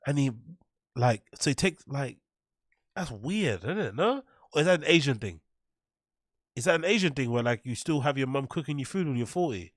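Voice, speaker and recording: A man's voice: mid-range voice, expressive, normal speed, no echo, clean studio sound. A man hosting a reaction show, ranting in mocking, incredulous, sweary bursts. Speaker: host. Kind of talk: reaction commentary.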